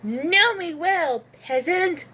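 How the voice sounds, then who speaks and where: A woman's voice: very high-pitched, expressive, slow, pitched above the performer's own voice, exaggerated voice. A woman voicing a brash, crude, boastful teenage girl who cackles and talks down to others. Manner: loud, cackling and haughty.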